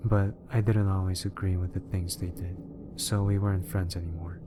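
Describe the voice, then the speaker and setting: A man voicing a guarded, secretive elderly woman neighbor, speaking slowly, subdued and evasive. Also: low voice, level tone, background noise, natural voice.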